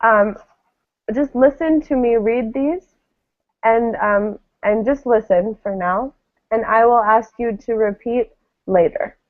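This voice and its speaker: A woman runs an online English class in a patient, unhurried manner, filling her pauses with soft ums. Her voice sits a little high. The sound is dry and thin, as if it came over a video call. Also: no echo. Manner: patient, explaining slowly with frequent ums. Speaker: English teacher. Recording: tinny phone-like call audio, dry.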